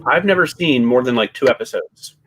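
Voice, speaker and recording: A man co-hosting a casual chat, easygoing and asking his guest questions with soft filler. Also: mid-range voice, lively intonation, fairly quick, no room sound. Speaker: co-host.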